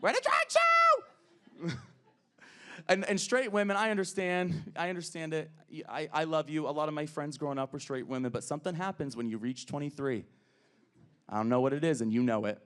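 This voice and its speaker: A man's voice: a little high, steady tone, fairly quick, smooth. A man performing drag stand-up comedy on a club stage, crude and brash in his crowd work.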